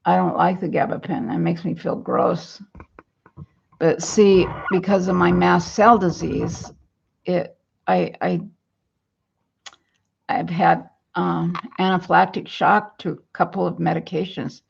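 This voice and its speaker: A woman's voice: lowish voice, unhurried, vocal fry, breathy edge. A woman vlogging casually from her home into a computer webcam, rambling in a downcast way and reading viewer comments aloud. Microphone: computer webcam mic. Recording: dull lo-fi webcam audio.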